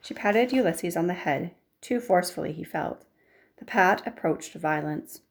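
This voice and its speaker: A woman narrating a novel aloud in a measured storytelling manner. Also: lowish voice, expressive, vocal fry. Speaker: audiobook narrator. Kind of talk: scripted narration.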